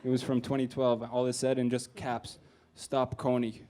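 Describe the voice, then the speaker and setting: A man's voice: mid-range voice, completely flat delivery, moderate pace, warm tone. A man in his twenties performing a stand-up comedy set on a club stage, talking casually and with plenty of swearing. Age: 20s. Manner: profane, conversational, acts out quoted characters.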